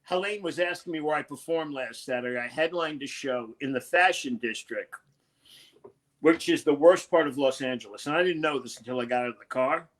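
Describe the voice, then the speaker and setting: A man doing a loud, brash and profane stand-up set over a video call. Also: fairly high pitch, fairly quick. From Connecticut. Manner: loud, brash and profane, with sudden shouted bursts. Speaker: stand-up comedian.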